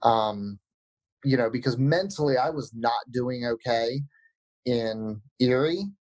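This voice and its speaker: A man, a musician being interviewed, answering in a reflective, measured way. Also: mid-range voice, a little mellow, no room sound, poor audio. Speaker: musician guest.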